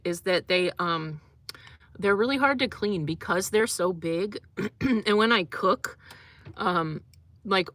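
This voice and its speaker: A young woman hosts a casual livestream, her voice on the low side and a bit bright. She chats loosely as she reads comments, laughing and using lots of fillers.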